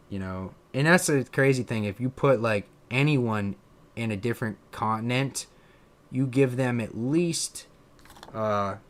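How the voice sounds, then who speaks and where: A man from Pennsylvania with a drawn-out, slightly southern accent, musing in a casual live-stream chat, full of fillers and restarts. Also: medium pitch, a bit bright. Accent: Pennsylvania, with a drawn-out southern drawl. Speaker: streamer and content creator.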